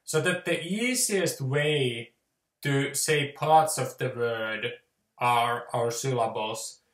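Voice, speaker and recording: A Finnish man teaches pronunciation in a relaxed, hesitant lesson full of filler sounds. His mid-range voice moves slowly, and the room has an echo.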